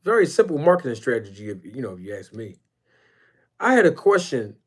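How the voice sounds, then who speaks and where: A man hosting a casual boxing live stream, rambling and emphatic as he shouts out chat viewers by name. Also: mid-range voice, big pitch swings, a little fast, breathy edge. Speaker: boxing YouTube channel host.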